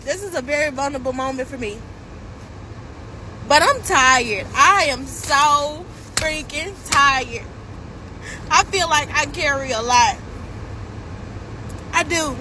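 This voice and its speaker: A woman's voice: high voice, takes it slowly, pauses often, noisy background. A woman, a single mother, venting candidly and wearily to the camera, rambling a little as she talks it through. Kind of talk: emotional vent to camera.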